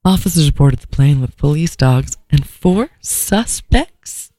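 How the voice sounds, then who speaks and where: A podcast co-host reads a news story for comedy, stopping again and again for swearing, disbelieving asides. The voice sits in a middling pitch. It is close to the mic and very dry, with no room sound at all. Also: lively intonation, slow pace, few pauses, warm tone, no echo. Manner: profane, incredulous asides between read-out sentences.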